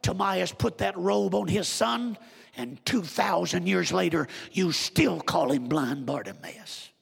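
A man preaching a sermon, telling a Bible story with animated direct address to his congregation in a church. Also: sits high, unhurried, creaky, breathy edge, in a large hall.

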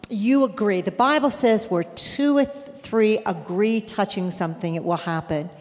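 A woman's voice: medium pitch, a little mellow. A woman pastor leading her congregation into prayer, directive. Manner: slow, directive. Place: church sanctuary. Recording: church hall reverb.

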